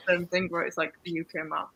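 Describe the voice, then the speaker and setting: A young woman chatting casually on a reading stream, giggly and animated. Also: fairly low pitch, slight background noise, poor audio. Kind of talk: casual chat.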